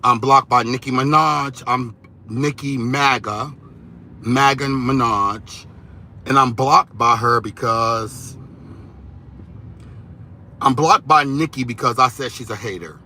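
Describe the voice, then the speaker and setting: Male commentator, slow, rambling and animated, with a sharp bright tone; faint car noise. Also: mid-range voice. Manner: animated, rambling, repeats words. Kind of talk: casual gossip commentary.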